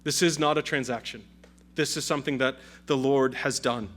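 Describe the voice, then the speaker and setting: A man's voice: medium pitch, steady tone, moderate pace, a bit bright. A male pastor preaching a sermon with an emphatic, repetitive cadence.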